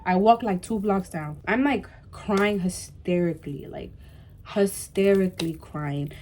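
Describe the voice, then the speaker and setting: Animated young woman telling a story. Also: fairly low pitch, a little slow, a little hiss or hum. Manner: animated, fillers of "like" and "bro", emphatic repetition. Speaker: vlogger. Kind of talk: storytime vlog.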